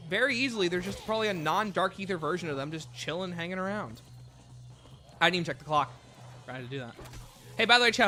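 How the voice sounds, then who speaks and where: A man's voice: sits high, sharp tone. Chatty young streamer guy, sick voice. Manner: chatty, greets chat by name, jokey asides. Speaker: gaming livestreamer. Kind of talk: casual gameplay chat with viewers.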